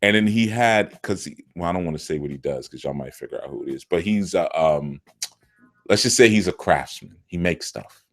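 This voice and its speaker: A middle-aged man, a spiritual teacher, talking casually and telling stories, often jumping high into quoted voices. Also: fairly quick. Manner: animated, jumps into quoted voices with big pitch swings. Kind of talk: casual storytelling talk.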